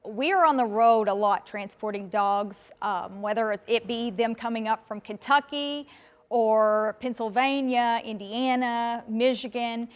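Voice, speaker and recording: A woman's voice: on the high side, a little slow, clear, resonant tone. A woman with a Southern accent, a rescue volunteer answering interview questions plainly. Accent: Southern American. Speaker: guest, dog rescue volunteer.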